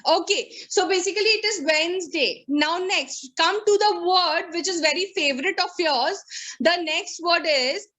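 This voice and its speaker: A woman with an Indian English accent teaching pronunciation in an online class over a video call, drilling words slowly, repeating them and checking that students follow. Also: very high voice, sharp tone, low-quality recording.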